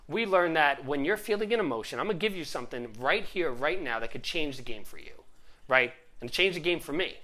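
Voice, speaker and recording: Lively-pitched motivational life coach. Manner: animated, conversational, often says "right?". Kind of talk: motivational talk.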